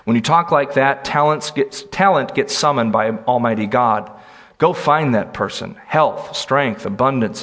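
A man's voice: mid-range voice, fairly bright tone. Man preaching a conversational sermon. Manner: conversational, with frequent fillers and restarts.

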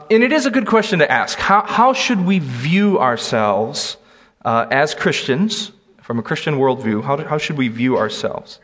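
A man preaching a sermon in a conversational way, pausing with fillers and restarting phrases. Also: mid-range voice, fairly bright tone.

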